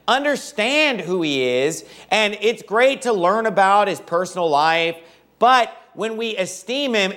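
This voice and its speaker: A man's voice: sits high, a bit bright. A man preaching a sermon, reading scripture aloud and emphatically repeating his key points.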